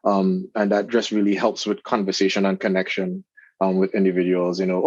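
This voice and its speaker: A man from Trinidad and Tobago, a podcast guest, talking about his work in a reflective, unhurried interview chat. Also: low voice, fairly even intonation, a little mellow, no echo. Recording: dry, slightly dull podcast audio.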